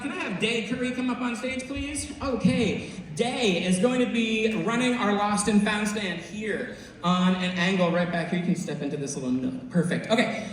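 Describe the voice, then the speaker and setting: A man hosting a live improv comedy show, casually explaining the game rules to the audience with fillers and apologies. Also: high-pitched. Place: theater stage. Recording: echoey hall from far off, faint noise.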